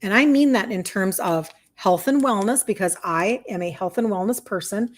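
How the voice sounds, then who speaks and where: A woman's voice: mid-range voice, moderate pace. A woman in her fifties, a health and wellness coach, chatting heartfelt and open on a livestream and reading viewer comments. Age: 50s.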